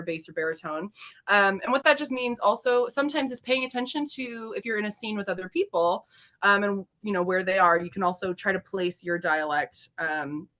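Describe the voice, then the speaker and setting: A woman's voice: medium pitch, sharp tone. A woman co-hosting a podcast, explaining voice and accent basics in casual chat, laughing often and slipping into demo voices. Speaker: podcast co-host.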